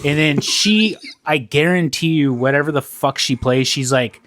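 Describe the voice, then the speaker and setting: A man's voice: a little high, normal speed, fairly bright tone, no room sound, studio quality. A man co-hosting a casual podcast, rambling and swearing freely as he chats and laughs. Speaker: podcast co-host. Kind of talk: casual chat.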